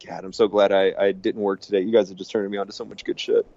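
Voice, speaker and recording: A man in casual podcast chat, excitable and stumbling over his words when eager. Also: on the low side, fast talker. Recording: dull lo-fi podcast audio.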